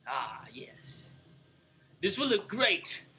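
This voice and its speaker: A man's voice: high voice, very animated, very slow, sharp tone, a little hiss or hum, pitched above the performer's own voice, exaggerated voice. A man voicing a boastful, commanding male villain boss in a tabletop game. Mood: gloating. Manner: gloating, commanding.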